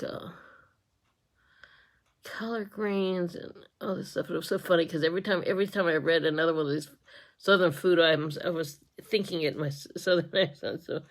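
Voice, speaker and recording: A woman's voice: fairly low pitch, a bit bright. Chatty giggly woman doing her makeup. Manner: chatty, giggly, trails off and restarts often. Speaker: beauty vlogger and makeup sales representative. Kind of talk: casual get-ready-with-me makeup tutorial. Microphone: phone camera.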